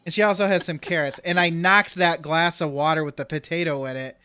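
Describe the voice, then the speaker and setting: A man co-hosting a podcast, telling an animated story in casual chat and acting out his own reactions. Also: on the high side, brisk, clean tone. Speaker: podcast co-host.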